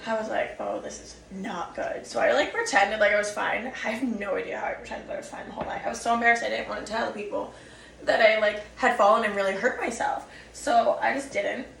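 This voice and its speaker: Chatty young woman, gravelly, echoey room. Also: on the high side, steady tone, fast talker, fairly bright tone, a little hiss or hum. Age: young adult. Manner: rambling, filler-heavy, laughs at herself. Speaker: vlogger. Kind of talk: casual storytelling chat. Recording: echoey room, mic at a distance.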